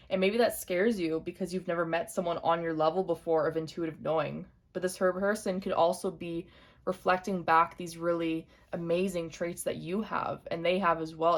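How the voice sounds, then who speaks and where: A young woman giving an intuitive tarot reading to camera, speaking gently and repeating her points straight to the viewer. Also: fairly low pitch, vocal fry. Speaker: tarot reader.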